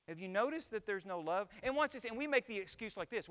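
A man's voice: sits high, lively intonation, fast, few pauses, fairly bright tone, clear, resonant tone. A middle-aged man preaching a sermon as pastor, emphatic and asking the congregation rhetorical questions.

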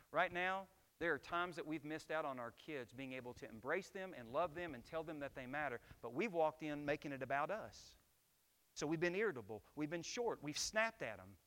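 A man's voice: medium pitch, lively intonation, a little fast, fairly bright tone. A middle-aged man preaching a sermon as pastor, emphatic and asking the congregation rhetorical questions.

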